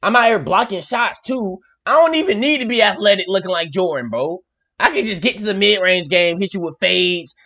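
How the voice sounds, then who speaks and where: A young man hosting a reaction video, talking in an excitable, slangy way and laughing often. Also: high-pitched, fairly quick. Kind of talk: casual reaction commentary.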